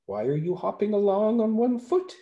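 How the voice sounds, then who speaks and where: A man doing a cheerful simple fool, high. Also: very animated, normal speed, mellow, muffled recording.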